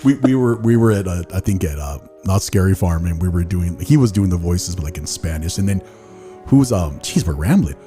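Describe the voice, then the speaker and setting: A man's voice: low-pitched, lively intonation, fairly quick, warm tone, soft background music. Rambling, self-conscious podcast host man. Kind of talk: casual chat.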